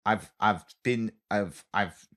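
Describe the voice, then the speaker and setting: A man co-hosting a comedy podcast in casual chat, an animated storyteller who repeats phrases for emphasis. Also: lowish voice, slow. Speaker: podcast co-host, comedian and actor.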